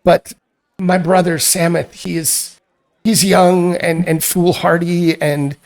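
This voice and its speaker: A frightened young sister pleads for her missing brother, as a man puts her on. The voice is pitched up and cracks with tears as she stammers and restarts. A gravelly edge sits under the raised tone. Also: flat delivery. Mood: tearful. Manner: tearful, halting, stammering pleas.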